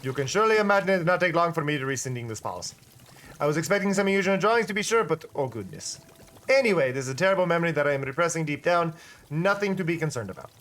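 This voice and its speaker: A person voicing a formal, overly polite shopkeeper with a fake accent, reading game dialogue aloud. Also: male voice, fairly high pitch, animated, rapid-fire, a bit bright. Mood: fussy.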